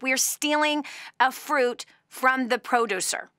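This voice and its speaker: A woman hosting a call-in radio talk show, animated and quick to laugh, acting out little voices as she tells stories. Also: high voice, no echo, clean studio sound.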